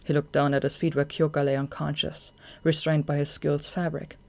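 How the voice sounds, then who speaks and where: A narrator reading a fan audiobook in an even, measured way. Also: medium pitch.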